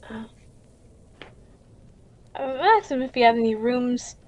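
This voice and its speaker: A woman's voice: fairly high pitch, little pitch movement, slow pace, a little mellow, dry recording, dull audio. A woman player in a tabletop game, talking casually and partly in character, playful and laughing.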